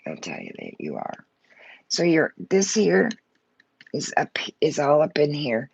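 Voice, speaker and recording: A woman's voice: deep voice, wildly swooping pitch, unhurried, gravelly, darkish tone, breathy edge, dry recording, poor audio. A woman giving a live tarot reading, blunt and fired up, swearing freely as she talks. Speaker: tarot reader.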